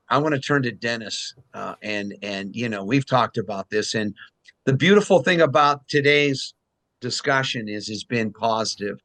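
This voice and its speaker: A man's voice: mid-range voice, a bit bright. A man hosting a talk show, chatting in an earnest, rambling way. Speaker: host. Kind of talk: casual talk show chat.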